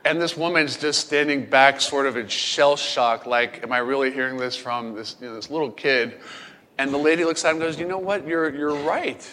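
A middle-aged man preaches in a playful, animated storytelling manner. His voice sits in a plain middle range. The sound carries a long reverb, as in a large hall. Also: medium pitch. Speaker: pastor. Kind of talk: sermon. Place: camp meeting hall.

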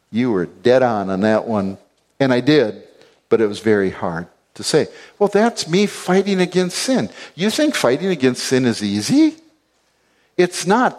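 Animated man preaching a sermon. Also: fairly high pitch. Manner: animated storytelling with acted-out quotes and laughs. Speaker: pastor.

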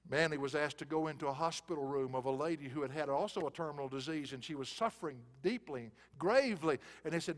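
A man preaching a sermon with a fairly high voice, dropping to near-whispers and then rising to loud, forceful bursts. His voice rings with the long reverb of a big auditorium. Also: fairly quick. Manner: swings from hushed, soft passages to loud, emphatic bursts.

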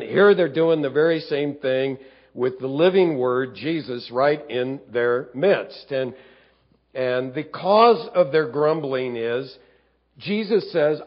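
Male pastor, teaching sermon, slightly high voice, muffled lo-fi recording. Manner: teaching, reads scripture aloud and acts out grumbling voices. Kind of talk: expository sermon.

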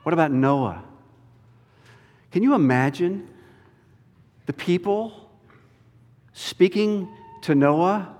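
Male preacher, fairly high voice, slow and emphatic, big echoing hall. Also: expressive, darkish tone. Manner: emphatic, deliberate delivery. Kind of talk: sermon. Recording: long reverb of a large hall.

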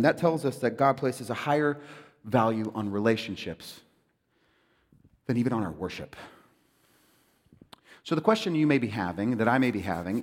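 A man preaching a sermon as pastor, joking and acting out quoted voices with lively animation. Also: high-pitched. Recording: reverberant hall.

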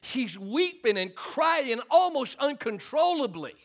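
A man's voice: very high-pitched, very animated, a little slow, hardly any pauses, sharp tone. A middle-aged man preaching a sermon, telling stories and calling for amens from the congregation. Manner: call-and-response preaching, storytelling. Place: church sanctuary.

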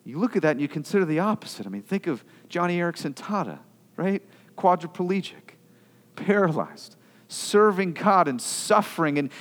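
A man preaching a sermon as pastor, impassioned, swinging between loud outbursts and quiet asides. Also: sits high, animated, normal speed, in a large hall.

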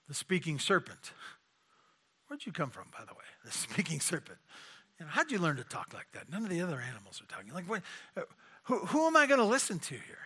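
A man's voice: a little high, big pitch swings, normal speed, bright, forceful tone. A man preaching a conversational sermon, asking rhetorical questions and often repeating his words.

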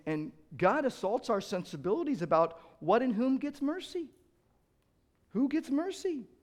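A man pastor preaching a sermon, earnest and emphatic, building to loud peaks and repeating words as he restarts. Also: sits high.

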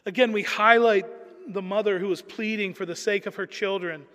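A man's voice: high voice, steady tone, moderate pace, a bit bright, long reverb tail. A man preaching a sermon in an earnest, emphatic way, often repeating words as he builds a point.

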